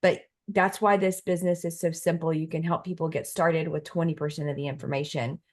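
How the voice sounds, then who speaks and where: A woman's voice: deep voice, steady tone, fairly quick. A woman in a casual video-call discussion, earnestly quoting a book and relating it to her work. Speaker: book study participant.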